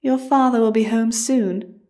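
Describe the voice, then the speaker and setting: A tender mare queen and expectant mother from a storybook, speaking warmly and softly to her child, as a woman narrator puts her on. Her voice is gentle and a touch raised, calm and coaxing. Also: on the high side, measured pace, pitched above the performer's own voice, lightly acted. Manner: warm, soft, coaxing. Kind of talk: audiobook character voice.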